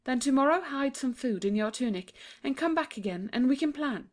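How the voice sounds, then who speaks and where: A woman's voice: sits high, animated, a little fast. A woman voicing a young, trusting princess, earnest and pleading in a childlike way.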